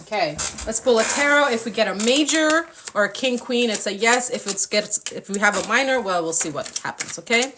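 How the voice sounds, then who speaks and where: A woman's voice: fairly high pitch, expressive, brisk, few pauses, background noise. A young adult woman hosting a spiritual live stream with tarot readings, talking passionately and casually, swearing often and acting out playful impressions.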